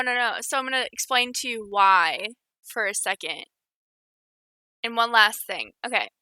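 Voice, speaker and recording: A young woman chatting casually and excitedly with her live stream viewers, giggling often. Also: mid-range voice, moderate pace, no room sound.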